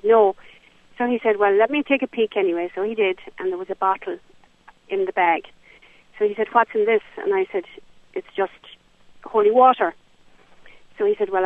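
A woman's voice: medium pitch, dry recording. Irish woman caller on a phone line. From Ireland. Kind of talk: telling a joke on the phone.

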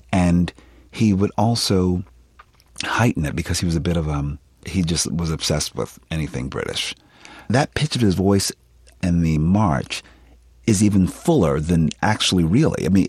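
A man in his fifties from Philadelphia speaks in a very low, slightly husky voice that swings widely in pitch as he tells stories. He sounds animated and expressive, a guest actor in an interview. The recording is dry and close. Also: no room sound. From Philadelphia, USA. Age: 50s. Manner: animated, expressive storytelling with laughs. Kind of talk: conversational interview.

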